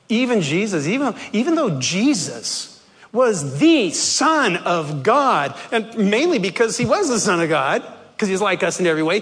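Male pastor, unhurried sermon delivery, dramatic and wry, reverberant church hall. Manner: slow, dramatic, swings between loud emphasis and hushed low lines; jokey asides with chuckles.

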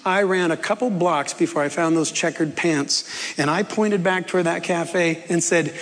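A man's voice: sits high, expressive, moderate pace, sharp tone. A man preaching a sermon as pastor, telling a story with playful humor and coaxing the congregation to respond. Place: church. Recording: long reverb of a church hall.

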